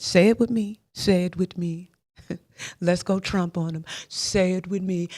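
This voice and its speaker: A woman's voice: on the low side, darkish tone, no room sound. Woman, motivational faith speaker, emphatic preacher cadence, dry close sound. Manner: emphatic, repetitive, preacher-like with rhetorical questions; laughs often between points.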